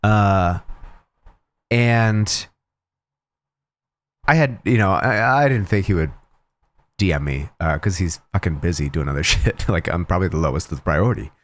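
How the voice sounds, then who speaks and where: A man's voice: deep voice, measured pace, long pauses. A man cosplayer chatting casually with his livestream viewers, telling a long story with many restarts and fillers. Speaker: cosplayer streamer.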